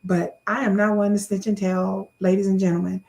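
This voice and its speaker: A woman talking casually to her own channel's viewers, sassy and joking, repeating herself and jumping high when she gets worked up. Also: flat delivery, fairly quick, creaky, darkish tone. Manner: sassy, joking, loose and repetitive. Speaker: YouTube creator. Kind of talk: casual chat to camera.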